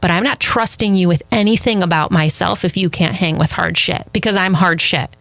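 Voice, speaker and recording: Blunt woman chatting on a podcast, animated, cusses a lot, dry close mic sound. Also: fairly low pitch, a little fast, creaky, no room sound. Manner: blunt, animated, swears freely, acts out little scenes. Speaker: podcast co-host. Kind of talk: casual chat.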